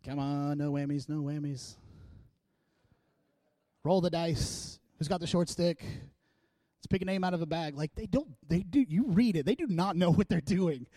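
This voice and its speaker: In a dry recording, a male pastor with a high voice preaches at a normal speed. He keeps things casual and joking, energetic and laughing often, while fervently pushing his congregation forward.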